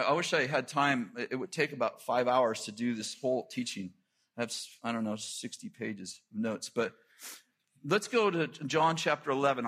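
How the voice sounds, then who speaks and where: High, bright-voiced animated male preacher. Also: husky. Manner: animated storytelling with quick asides. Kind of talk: sermon.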